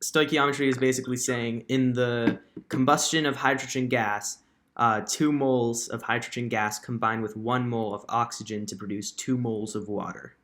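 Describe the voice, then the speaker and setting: A high school boy on a live stream, talking casually with a mid-range voice. He explains quiz answers patiently and is a little apologetic about how hard he made them. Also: steady tone, moderate pace, fairly bright tone. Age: teens. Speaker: podcast co-host.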